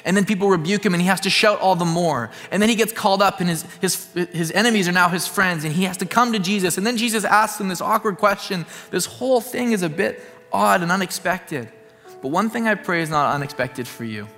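A man's voice: high voice, a little fast, bright, forceful tone, big-room sound, faint music behind. A man preaching a sermon as a pastor, earnest and repeating his points for emphasis.

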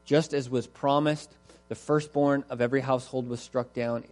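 A man's voice: medium pitch, little pitch movement, brisk, warm tone. A man preaching a sermon in an earnest, emphatic way and repeating his key phrases.

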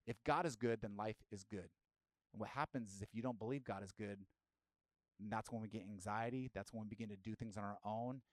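A man's voice: fairly low pitch, no room sound. A man preaching a sermon as pastor, asking the listeners direct questions and rising into emphatic bursts.

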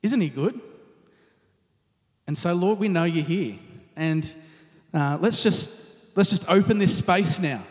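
High-voiced man preaching in a reverberant hall. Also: slow, pauses often. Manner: conversational, dropping to a near whisper at times. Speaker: pastor. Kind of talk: sermon.

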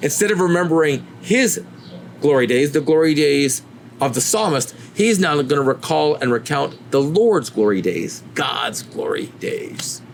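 A man preaching a sermon in an earnest way, his voice rising high when he voices pleading questions to God. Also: sing-song, moderate pace, a little hiss or hum.

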